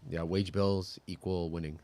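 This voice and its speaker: A man co-hosting a live football watchalong, jokey and excitable, slipping in French words. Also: low-pitched, normal speed. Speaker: co-host. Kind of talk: casual football watchalong banter.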